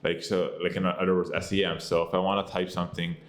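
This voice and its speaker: An American tech reviewer talks quickly with little rise or fall in pitch, giving a casual, rambling app review. He leans on fillers and keeps repeating catchphrases like "boom" and "you get the idea."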